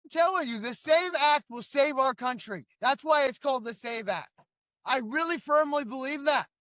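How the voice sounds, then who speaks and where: A middle-aged man with a high, bright voice, co-hosting a political talk show with indignant, emphatic rants. The sound is dry and a little dull and lo-fi. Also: moderate pace, dry recording. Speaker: co-host.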